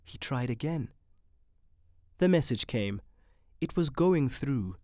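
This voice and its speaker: A narrator reading literary fiction with a measured, storytelling delivery. The pitch moves freely and expressively through each sentence, and the voice is recorded close and dry with no room sound. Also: expressive, warm tone, no echo.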